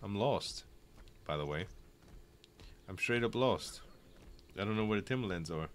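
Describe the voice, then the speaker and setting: A man's voice: fairly low pitch, animated, unhurried, a bit bright, slight background noise. A tipsy man chatting and joking while streaming a game. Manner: rambling, joking, playful. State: tipsy from wine. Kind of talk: casual gaming chat.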